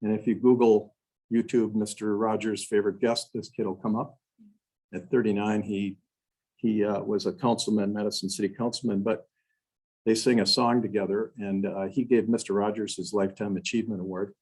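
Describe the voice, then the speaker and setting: A man's voice: fairly low pitch, level tone, normal speed, a little mellow, breathy edge, poor audio. An older man from Wisconsin telling folksy stories to a club meeting, quoting his mentors in their own words with many restarts. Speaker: guest speaker. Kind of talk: storytelling talk to a club meeting. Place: meeting room.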